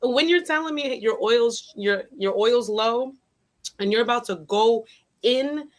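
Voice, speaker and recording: A woman's voice: fairly high pitch, measured pace. A woman co-hosting a podcast, speaking frankly and with profanity, often laughing through her stories in casual chat. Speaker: podcast co-host.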